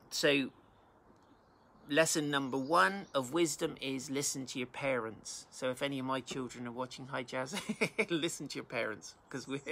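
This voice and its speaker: Bright, gravelly-voiced male pastor teaching. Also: medium pitch. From England. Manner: reads scripture aloud then explains it plainly. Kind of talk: informal Bible teaching.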